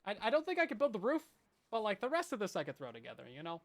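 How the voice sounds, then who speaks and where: A man's voice: high voice, wildly swooping pitch, rapid-fire, a bit bright. A man giving rambling, self-deprecating commentary while playing a survival game on a stream. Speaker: Minecraft streamer. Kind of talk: casual gameplay commentary.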